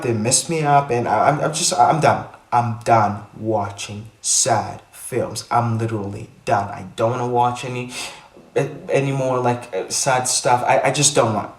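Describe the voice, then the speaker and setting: A man vlogging to the camera in casual chat, rambling and repeating himself with animated bursts. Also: mid-range voice. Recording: echoey room, a bit far from mic.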